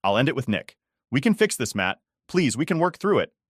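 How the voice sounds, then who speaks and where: A man voicing a cornered, defensive and pleading adult wife, raising his pitch with a shaky delivery. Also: big pitch swings, fairly quick, husky, dry recording, studio quality.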